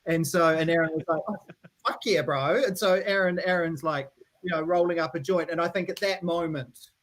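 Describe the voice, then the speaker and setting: A New Zealand man, a band member, tells a rambling studio story in a casual storytelling interview, laughing and mimicking voices. His voice is on the high side, bright, steady in tone, and brisk.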